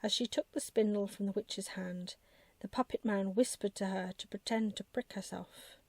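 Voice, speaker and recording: A woman reading a children's bedtime story aloud in a soft ASMR manner, as whispered role-play. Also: mid-range voice, steady tone, normal speed, gravelly, dry recording.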